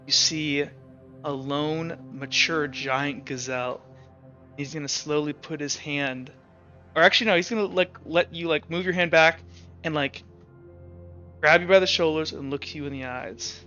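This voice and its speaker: Bright-voiced man running a tabletop game. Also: a little high, measured pace, highs cut off, soft background music. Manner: casual, rambling, frequent "like" and restarts. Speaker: game master.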